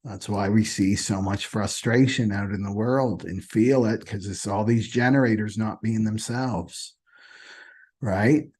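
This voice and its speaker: A man's voice: lowish voice, fairly even intonation, unhurried, a little mellow, breathy edge. A man hosting an astrology channel, giving a loose, repetitive spiritual talk in a casual way and often checking in with "right?". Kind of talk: casual spiritual teaching monologue.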